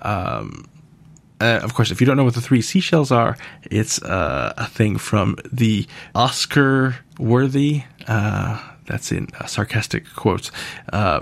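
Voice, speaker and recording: A man's voice: fairly low pitch, creaky. An American man hosting a podcast and answering listener questions in a casual way, with dry joking asides. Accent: General American.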